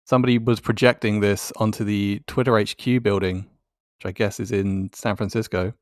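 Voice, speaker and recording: A man's voice: lowish voice, steady tone, moderate pace, no echo, studio quality. A man giving casual, sardonic commentary on tweets, swearing and laughing as he goes. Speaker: YouTuber.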